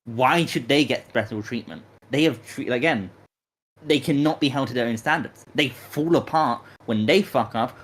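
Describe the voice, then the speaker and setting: A man's voice: medium pitch, moderate pace, a bit bright, a little hiss or hum. A man co-hosting a commentary stream, ranting indignantly. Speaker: stream co-host.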